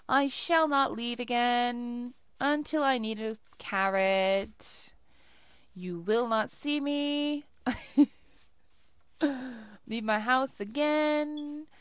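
A woman's voice: on the high side, clear, resonant tone, dry recording. A young woman giving casual let's play commentary, chatty and laughing often as she talks to herself while playing.

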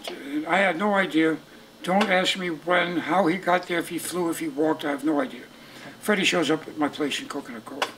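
Older man, animated storyteller, slightly high voice, noisy recording. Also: moderate pace. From Brooklyn, New York. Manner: lively anecdotal storyteller, acts out dialogue. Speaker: interviewee musician. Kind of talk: storytelling interview. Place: indoors in Brooklyn.

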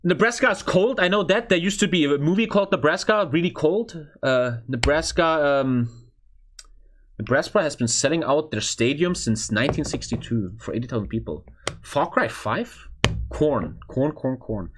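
A man's voice: a little high, expressive, moderate pace, a little hiss or hum. A European man streaming casual reaction commentary, blunt and profane, reading chat aloud as he thinks.

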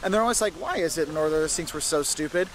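A man's voice: a little high, fast, fairly bright tone, a little hiss or hum. A man from the northern United States presenting a travel video, upbeat and emphatic, repeating his points. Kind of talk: enthusiastic travel video narration.

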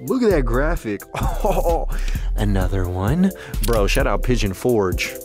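Young man, vintage-shopping vlogger, joking banter, excited outbursts, music playing behind him. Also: medium pitch, unhurried. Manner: playful, joking, bursting into excited exclamations. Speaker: vintage clothing reseller and vlogger. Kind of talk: casual running commentary while thrifting.

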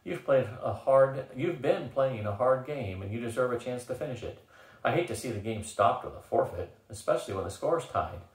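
A man's voice: mid-range voice, expressive, normal speed, lightly acted. An older man reading as a stern referee. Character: stern rule-bound male game referee. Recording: roomy echo.

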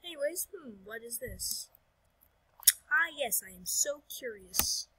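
A woman's voice: fairly high pitch, animated, slow pace, bright, forceful tone, breathy edge, poor audio. A woman giving casual, playful commentary over her gameplay, talking to herself and dropping whispered asides.

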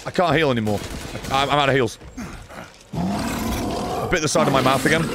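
A man giving exasperated, animated gaming commentary as a streamer, swearing often. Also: mid-range voice, moderate pace, background noise.

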